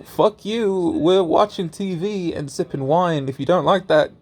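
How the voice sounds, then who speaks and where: Smug laid-back man, put on by a storyteller, dismissive, lifted pitch. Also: a little slow, a little mellow. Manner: cocky, dismissive.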